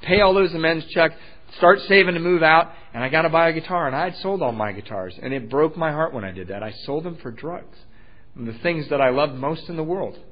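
A man tells his own recovery story with lively, self-mocking humor, often breaking into laughter at himself. His voice sits fairly high. The recording is muffled and lo-fi. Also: a little fast. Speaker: speaker sharing his recovery story at a meeting. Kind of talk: personal storytelling talk.

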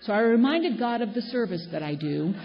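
A woman's voice: on the high side, big pitch swings, brisk. An older woman from Southern California telling a candid, wry personal story to a meeting audience. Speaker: speaker at a recovery meeting. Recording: echoey hall, dull lo-fi sound, faint noise.

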